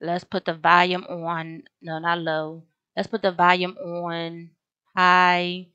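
A woman's voice: fairly low pitch, monotone, slow, pushed and bright, smooth, dry recording, lo-fi sound. A young woman casually commenting on her game as she plays, chatty and slangy, often talking straight to her viewers. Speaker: gaming video host.

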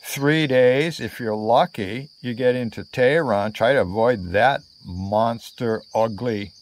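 A man's voice: medium pitch, slow pace. A man telling a travel story in a casual, meandering way, full of fillers and asides.

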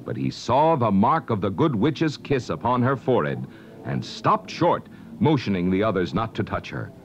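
A man's voice: lowish voice, big pitch swings, normal speed, faint music behind. A man narrating a classic children's book on a vintage record, reading with dramatic expression. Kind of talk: scripted storybook narration. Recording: dull lo-fi vintage record with hiss.

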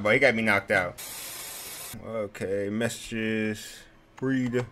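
A man's voice: fairly low pitch, slow pace, sharp tone. A young man playing a game and giving loose, rowdy commentary full of slang and laughter. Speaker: gaming streamer. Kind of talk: casual gameplay commentary.

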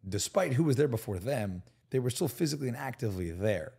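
A man's voice: mid-range voice, expressive, fast, vocal fry, darkish tone, husky. A man from Tunisia, a podcast guest in casual chat, joking and rambling in slang.

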